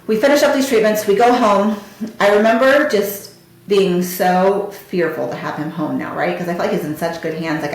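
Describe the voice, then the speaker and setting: A woman with a somewhat low voice tells her own story to listeners, candid and heartfelt. She sounds like a podcast host speaking in a very echoey room. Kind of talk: personal storytelling.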